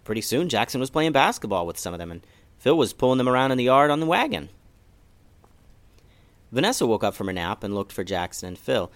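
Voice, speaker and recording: A man telling a children's story with a very lively, sing-song pitch. His voice sits mid-range and gentle, rising and falling expressively as he reads to young listeners. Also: brisk, long pauses. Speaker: storyteller, podcast host.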